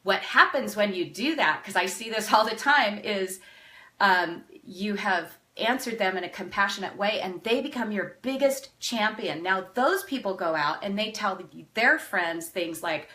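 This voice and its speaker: A middle-aged woman with a bright, clear voice coaches farmers on pricing. She talks quickly and earnestly, with plenty of animated energy. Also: medium pitch. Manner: fast, earnest, animated advice. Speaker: farm marketing coach. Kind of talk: video lesson to farmers.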